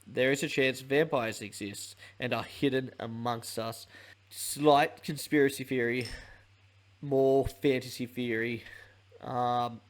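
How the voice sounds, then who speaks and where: Casual swearing podcast host. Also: male voice, medium pitch. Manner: swears freely, laughs often, rambling. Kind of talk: casual solo sports podcast.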